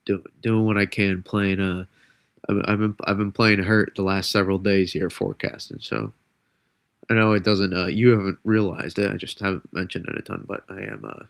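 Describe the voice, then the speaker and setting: Stuffy male weather streamer with a cold, rambling, self-correcting, gravelly, dry close mic. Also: low voice, steady tone, normal speed, no echo. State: congested from a cold. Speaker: weather forecaster. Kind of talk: live-stream weather model breakdown.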